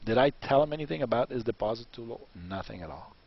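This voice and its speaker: A husky-voiced man teaching negotiation, his pitch rising and falling freely as he acts out little exchanges. The sound is dull and lo-fi. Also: quick pace, no echo. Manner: animated, acts out dialogues. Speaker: business coach. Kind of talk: coaching lesson on negotiation. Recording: dull lo-fi recording.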